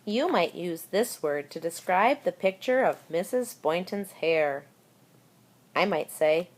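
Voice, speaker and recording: Slow, deliberate woman teaching spelling to kids. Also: on the low side, lively intonation. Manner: deliberate, spells words out letter by letter. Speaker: elementary school teacher. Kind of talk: recorded spelling lesson for children.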